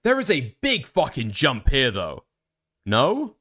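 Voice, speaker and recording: A man's voice: medium pitch, huge pitch swings, slow pace, a bit bright, slightly rough. A man doing reaction commentary on a stream, sarcastic and profane, thinking aloud.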